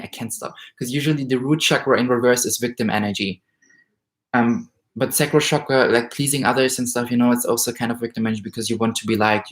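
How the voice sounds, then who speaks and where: A man gives a tarot reading, reading out card meanings and reacting with rising emotion and excitement. His voice sits at a middling pitch for a man. The room is roomy, so his voice echoes noticeably. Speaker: tarot reader. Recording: roomy echo.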